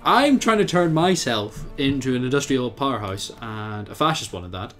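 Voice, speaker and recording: A young Irish man giving casual let's-play commentary, thinking aloud, chatty and laughing often, with sudden bursts of excitement. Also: medium pitch, normal speed, faint music behind. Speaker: game commentator.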